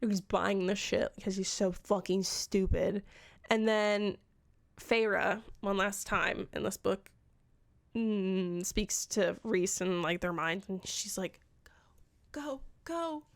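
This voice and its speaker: A woman giving an animated, sarcastic book recap in a casual vlog, swearing often. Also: mid-range voice, takes it slowly, vocal fry. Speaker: book reviewer.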